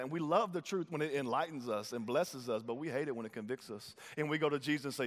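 Male pastor, chatty sermon delivery, slightly high voice, reverberant sanctuary. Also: a little fast, hardly any pauses, fairly bright tone. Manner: conversational preaching with playful asides and acted-out voices. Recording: long hall reverb.

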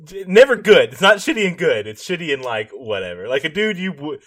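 Male co-host, animated bright voice, laughs a lot, sardonic. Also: on the high side, a little fast. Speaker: podcast co-host. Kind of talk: casual chat.

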